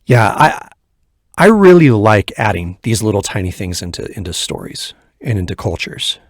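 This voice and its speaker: A man from California co-hosting a podcast in casual chat, mostly chiming in with short agreements and relaxed anecdotes. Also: fairly low pitch, moderate pace, dry recording, studio quality. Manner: brief agreeing interjections, relaxed storytelling. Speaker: podcast co-host.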